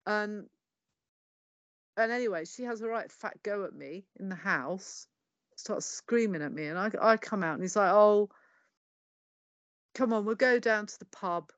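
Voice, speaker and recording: With a mid-range voice, a little slow and pausing often, a middle-aged Englishwoman with an English accent tells her life story as a podcast guest. The recording is dry and dull. She swears freely and bluntly acts out quoted dialogue.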